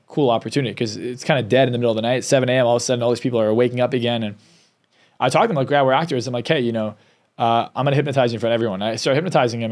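A man, a success coach and hypnotist, telling a candid, emotional personal story as a podcast guest, often restarting his sentences. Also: mid-range voice.

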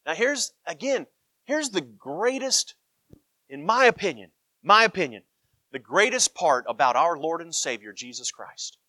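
A man preaching a sermon, emphatic and animated, swinging between loud cries and hushed asides. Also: fairly high pitch, unhurried, no room sound, clean studio sound.

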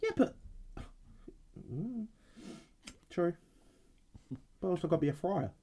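Man with wildly swinging pitch, sweary. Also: slow pace, a little hiss or hum. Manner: expressive, swears freely, blurts exclamations. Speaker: podcast co-host. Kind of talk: casual chat.

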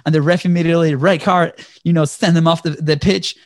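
A man from Venezuela telling a personal story in conversation, animated and lively, often checking in with "right?" and acting out what people said. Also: a little high, a little fast, no echo, studio quality. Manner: animated storyteller, acts out quotes, frequent "right?". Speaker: guest.

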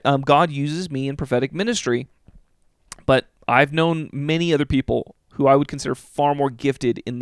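A man in his thirties hosts a solo podcast, his voice sitting a little higher than most men's. He talks earnestly and gets moved by his own words, leaning on fillers and tag questions. The sound is dry, with no room echo. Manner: earnest, emotional, filler-heavy with frequent "okay?". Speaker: podcast host. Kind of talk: solo podcast talk about faith. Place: alone in a room.

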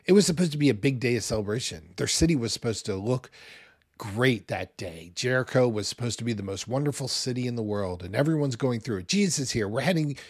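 A man in his forties preaching a sermon in a conversational, animated way, with loud bursts when he acts out what people say. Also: mid-range voice, fairly quick, no echo, studio quality. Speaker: pastor.

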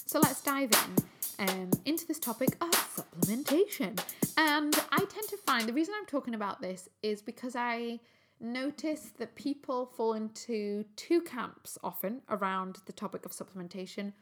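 A woman's voice: on the high side, lively intonation, moderate pace, over music. A young adult woman from England hosting her own health podcast, chatting upbeat and casual with frequent ums. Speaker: podcast host. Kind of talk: solo health podcast chat.

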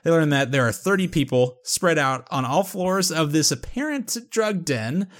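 A man's voice: on the high side, animated, moderate pace. A man hosting a podcast, chatting casually through an episode recap with lots of fillers. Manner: chatty, filler-heavy storytelling.

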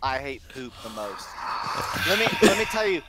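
A young man from Utah trading crude, profane jokes in an online voice chat, loud and quick to joke. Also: mid-range voice, very animated, crowd noise, low-quality recording. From Utah, USA. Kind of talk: crude casual banter.

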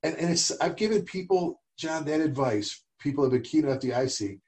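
A middle-aged man co-hosting a casual talk show, telling stories and getting animated when he quotes others. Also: a little high, fairly quick. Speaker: podcast co-host. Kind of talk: casual conversation.

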